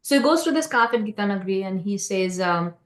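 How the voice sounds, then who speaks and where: A woman giving a scripture class at a temple. She tells stories conversationally, halting with many fillers and restarts and often asking "right?" to the listeners. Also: medium pitch, expressive, roomy sound. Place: temple hall.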